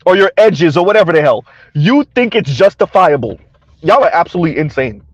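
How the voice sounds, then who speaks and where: A man's voice: fairly high pitch, lively intonation, a little fast, husky, dry recording, lo-fi sound. A man giving a combative, sarcastic opinion rant to his viewers, repeating his points and laughing between them. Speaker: commentary vlogger.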